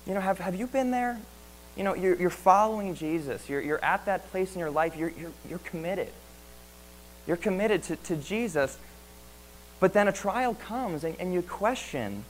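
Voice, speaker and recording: An earnest male preacher delivering a sermon, full of rhetorical questions and stammered repeats. His voice sits a little higher than most men's. A faint hum runs beneath the recording. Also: lively intonation, normal speed, rough recording.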